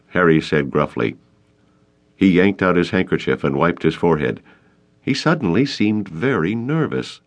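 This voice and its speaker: A male narrator reading a short story aloud, his low voice rising and falling freely. His delivery is expressive and steady. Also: normal speed. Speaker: audiobook narrator. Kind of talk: scripted narration.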